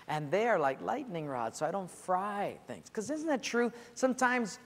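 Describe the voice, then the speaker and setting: Animated high-voiced man preaching in a hall. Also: moderate pace. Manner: animated storytelling with acted-out voices and shouts. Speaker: pastor. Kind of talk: sermon. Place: church.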